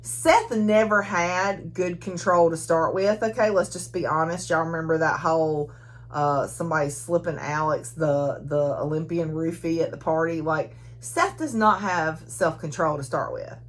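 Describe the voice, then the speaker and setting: A woman casually recapping a novel, chatty and quick to laugh. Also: low voice. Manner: chatty, giggly, frequent laughter. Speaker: book reviewer.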